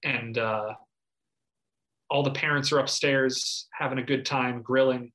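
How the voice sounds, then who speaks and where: Guy in his 30s, casual podcast chat, animated storyteller who yells out little impressions. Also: medium pitch, a little slow. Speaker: podcast co-host.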